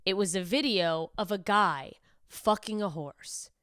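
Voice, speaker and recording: A woman's voice: mid-range voice, unhurried, smooth, no room sound. A woman comedian hosting a podcast in casual, incredulous chat, riffing and swearing freely into a close mic. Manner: animated, profane, incredulous riffing.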